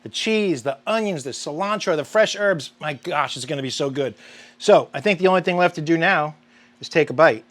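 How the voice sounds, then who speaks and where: An upbeat man with a somewhat high voice walks viewers through a cooking demonstration at the grill. He is chatty and talks straight to the audience as the show's host. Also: moderate pace, fairly bright tone.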